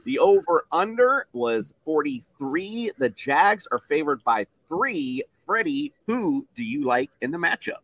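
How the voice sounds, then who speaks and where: A man's voice: on the high side, a little slow, few pauses, dry recording. A man hosting a sports picks show, reading stats and playfully calling on each panelist. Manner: animated, playful, reads stats then asks panel.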